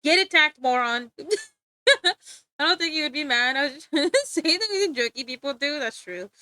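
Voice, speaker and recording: A woman's voice: high-pitched, expressive, brisk, sharp tone. A young woman streaming live while drawing, chatting playfully with viewers and giggling often. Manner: giggly, playful, rambling, talks to chat.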